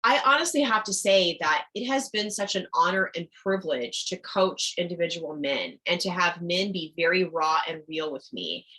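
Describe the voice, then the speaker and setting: A middle-aged woman coach talking in a podcast interview, enthusiastic and animated, often acting out what people said. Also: lowish voice, normal speed, hardly any pauses, poor audio. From Midwestern United States. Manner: animated, enthusiastic, acts out quotes. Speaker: communication coach, guest.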